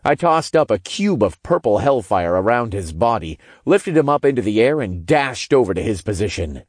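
Deep-voiced male audiobook narrator. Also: big pitch swings, normal speed, no echo, clean studio sound. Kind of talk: first-person novel narration.

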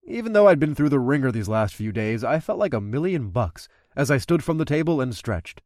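A man's voice: mid-range voice, sing-song, brisk, a little mellow, dry recording, clean studio sound. A man narrating an adult fantasy audiobook, doing the main character's dialogue himself.

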